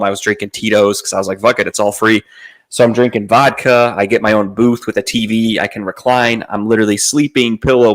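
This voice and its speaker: A young man with a somewhat low voice tells a long casual story on a podcast. He swears freely and rambles, trailing off into fillers and starting over as he goes. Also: a bit bright. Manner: profane, rambling, with frequent fillers and restarts. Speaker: podcast host.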